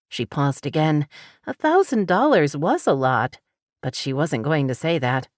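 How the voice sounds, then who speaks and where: A woman narrating an audiobook in an expressive, lively reading style. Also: low-pitched, moderate pace, no echo, studio quality. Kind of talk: scripted narration.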